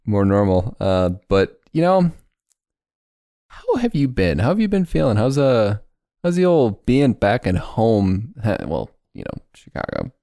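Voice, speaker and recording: A man in his twenties hosting a podcast, chatting casually in an animated, joking way with frequent laughs, recorded on a home microphone. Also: fairly low pitch, measured pace, vocal fry, no room sound, studio quality. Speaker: podcast host. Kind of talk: casual chat.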